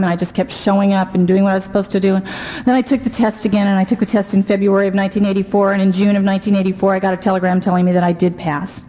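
A woman's voice: medium pitch, warm tone. A middle-aged woman sharing her story at a recovery meeting, candid and self-deprecating, with many "you know"s. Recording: muffled, lo-fi recording with faint hiss.

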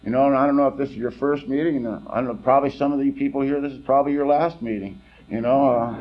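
A man's voice: medium pitch, fairly even intonation, quick pace, few pauses. Man telling a raw story, lo-fi. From California. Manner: rambling, candid, wry storytelling with fillers. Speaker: recovery meeting speaker. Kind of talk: personal testimony at a meeting.

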